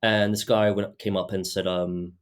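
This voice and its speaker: Young man, low voice, halting. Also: level tone, clean tone. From Britain and Australia. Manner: hesitant, many fillers and restarts. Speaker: podcast host. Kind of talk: casual storytelling.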